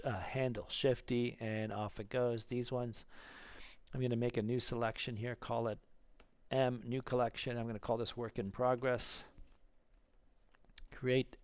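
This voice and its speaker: A man teaching 3D modelling in a screen-recorded tutorial, thinking aloud, counting clicks under his breath and getting excited at the results. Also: medium pitch, no room sound. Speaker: 3D modelling instructor.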